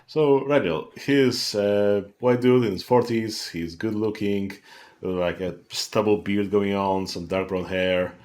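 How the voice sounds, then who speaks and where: A man's voice: on the low side, slow pace, darkish tone. A man playing a tabletop game who chats casually and keeps his answers brief and laid-back. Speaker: player.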